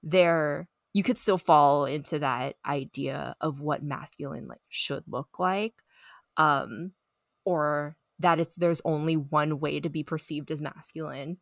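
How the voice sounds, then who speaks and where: A woman's voice: sits low, fairly even intonation, takes it slowly, dry recording, studio quality. A young woman chatting on a group podcast, reflective and full of "like"s. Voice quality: reflective, filler-heavy talk with many "like"s. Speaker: podcast co-host. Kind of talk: casual group chat.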